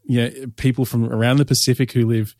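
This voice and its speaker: An Australian man interviews a guest as a pastor and host, working through long, thoughtful questions. His pitch sits in the middle range. The recording is close and dry. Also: little pitch movement, fast, darkish tone, no echo.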